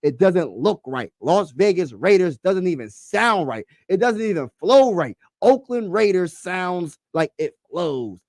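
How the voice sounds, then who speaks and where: Excitable man chatting sports on a livestream. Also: high voice, measured pace, hardly any pauses, no echo, clean studio sound. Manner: excitable, repeats himself, addresses the chat; slangy casual speech. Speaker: sports talk livestream host. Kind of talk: casual livestream chat.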